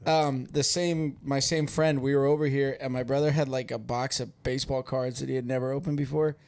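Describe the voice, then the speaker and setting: A man's voice: mid-range voice, flat delivery, fairly quick, a little mellow, clear, resonant tone. A man co-hosting a podcast, telling childhood stories in casual chat and laughing often as he goes. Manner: laughs through his own anecdotes. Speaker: podcast co-host.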